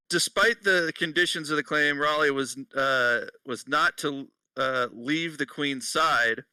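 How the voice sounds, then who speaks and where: A man co-hosting a casual podcast reads out notes, laughing often and swearing, his voice on the high side, bright and smooth at a slow pace. He uses a headset, yet the recording is dry, rough and sounds distant.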